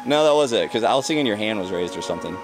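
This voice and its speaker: A man's voice: lowish voice, expressive, very fast, over music. A man chatting playfully while vlogging a family theme park day. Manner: playful, jokey. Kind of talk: casual family vlog chat.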